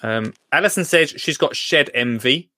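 British man, live stream host, bright voice, dry close sound, jokey, laughs a lot. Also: mid-range voice, animated, moderate pace, no room sound. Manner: jokey, laughs often, reads comments aloud. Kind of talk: casual chat.

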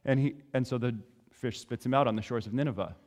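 A pastor preaching a sermon, retelling a story in an animated, conversational way. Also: male voice, mid-range voice, quick pace, long reverb tail.

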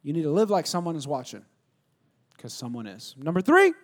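A male pastor preaching a sermon, swinging from loud, emphatic bursts to low, quiet asides and acting out conversations with himself. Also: wildly swooping pitch, a little fast. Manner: acts out conversations, asking and answering himself.

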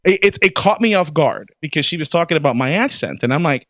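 A man co-hosting a casual podcast chat, animated and quick to laugh while telling stories. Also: on the high side, no echo. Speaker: co-host. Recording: dull, dry lo-fi audio.

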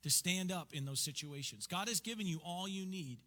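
A man preaches with bright, forceful energy, his voice sitting a little high for a man. He keeps asking the congregation questions and answering them himself. The sound rings with the long reverb of a church sanctuary. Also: moderate pace. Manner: energetic, emphatic preaching with call-and-response questions. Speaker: pastor. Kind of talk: sermon.

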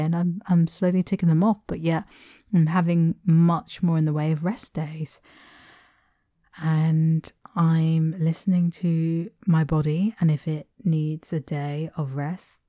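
A woman hosting a reflective solo podcast, meandering gently with soft laughs and whispered asides. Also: sits low, no echo, clean studio sound. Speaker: podcast host.

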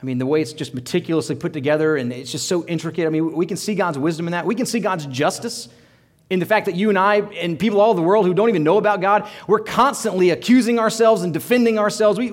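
A man's voice: high voice, quick pace. A man preaching a sermon as pastor, earnest, with frequent restarts and rising questions.

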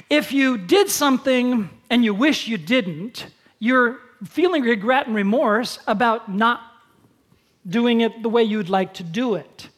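A pastor preaching a sermon in a conversational way, using props and slowing down for emphasis. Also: mid-range voice.

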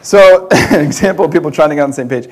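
A man's voice: a little high, fast talker. A man preaching an informal sermon, chatty, laughing often and restarting his sentences.

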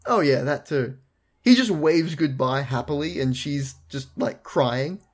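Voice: medium pitch, measured pace. A podcast host recapping an episode in casual chat, acting out characters' lines with laughs and swearing.

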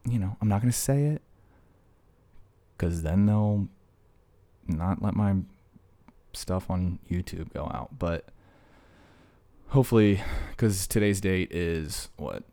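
Deep-voiced man rambling in a vlog. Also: slow, long pauses, mellow. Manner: joking, digressive storytelling. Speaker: vlogger. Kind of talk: casual rambling monologue.

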